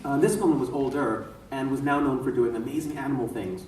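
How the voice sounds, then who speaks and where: A man voice actor telling animated, laughing stories to a convention panel audience. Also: mid-range voice, fast, a little hiss or hum. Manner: laughing, acts out voices mid-story. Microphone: far from the mic. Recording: echoey room from far off.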